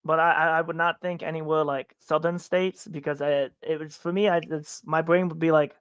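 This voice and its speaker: A man's voice: a little high, little pitch movement, moderate pace, hardly any pauses, a bit bright, clean tone, no echo. A man from upstate New York hosting a podcast in casual chat, rambling with many restarts and stammered repeats. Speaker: podcast host.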